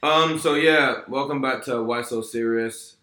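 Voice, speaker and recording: A man's voice: mid-range voice, measured pace, pushed and bright. A man hosting a casual podcast, teasing his friends in loose slang. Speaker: podcast host. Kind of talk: casual group chat. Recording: roomy room.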